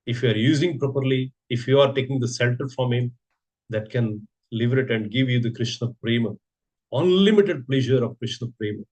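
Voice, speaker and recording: A man's voice: medium pitch, a little fast, darkish tone. A man giving a sermon, telling a story and asking rhetorical questions. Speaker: preacher giving a scripture class.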